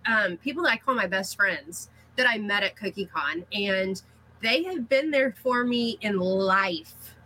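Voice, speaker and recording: Bright, slightly husky chatty woman. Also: mid-range voice, measured pace, rough recording. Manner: chatty, laughing, animated retelling of anecdotes. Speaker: guest, cookie artist. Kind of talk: casual interview storytelling.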